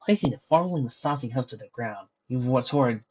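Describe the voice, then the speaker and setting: A man narrating a fan-fiction story in a steady storytelling manner, on a dull lo-fi recording. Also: mid-range voice, brisk, a little hiss or hum.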